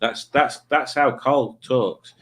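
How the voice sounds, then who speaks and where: A man's voice: medium pitch, takes it slowly, fairly bright tone. A man hosting a live stream, chatting loosely, joking and greeting viewers in the chat. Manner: rambling, jokey, greets the chat. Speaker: livestream host. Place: home streaming setup with lights.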